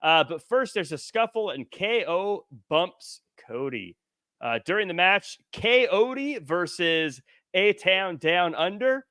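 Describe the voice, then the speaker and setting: Bright, animated male podcast host. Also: high voice, slow, dry recording, clean studio sound. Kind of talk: casual chat.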